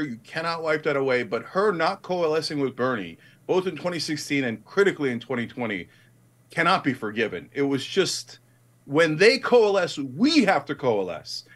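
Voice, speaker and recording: A man's voice: on the high side, fairly bright tone. A middle-aged man in a heated political debate, emphatic and passionate, rising to indignant outbursts. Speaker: guest commentator.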